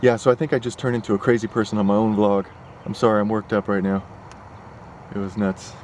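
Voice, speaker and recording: A young vlogger rambles in a casual chat, worked up and full of fillers and asides, partly while in a car. His lowish voice is fast, a little mellow, and flat in delivery, with slight background noise.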